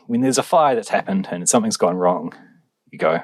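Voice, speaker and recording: Low husky man explaining calmly. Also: brisk, no echo. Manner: explanatory, wry, thinking aloud with fillers. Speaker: relationships researcher guest. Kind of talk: podcast interview answers.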